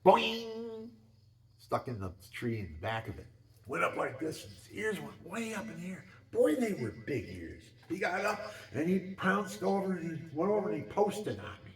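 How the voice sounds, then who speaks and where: A man's voice: a little high, big pitch swings, moderate pace. An older man telling casual, rambling stories about his home and pets, with lots of restarts and folksy asides. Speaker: home video maker. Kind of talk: casual storytelling.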